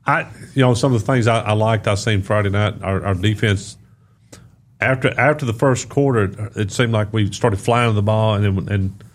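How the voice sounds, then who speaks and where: Low-voiced Texan interviewer, halting. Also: male voice. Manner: halting, stammering praise. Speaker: radio interviewer. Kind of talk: interview chat.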